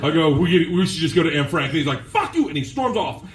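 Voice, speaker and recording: A man's voice: a little high, quick pace, echoey room, far from the mic. A man doing stand-up storytelling, rowdy and swearing, acting out the people he quotes. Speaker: stand-up comedian.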